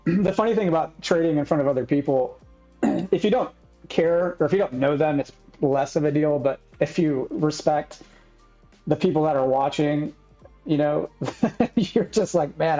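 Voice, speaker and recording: A man from Texas chatting casually on a live stream, laid-back and clearing his throat often. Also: on the high side, measured pace, dark tone, soft background music. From Texas, United States. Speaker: stream regular and chat moderator. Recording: slightly dull lo-fi audio.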